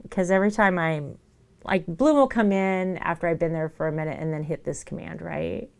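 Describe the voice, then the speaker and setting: A woman's voice: fairly low pitch, moderate pace, creaky, smooth. A woman chatting casually on a live stream while she crafts at her desk at home. She laughs often and talks to her viewers and her dog. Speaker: streamer making her own merch.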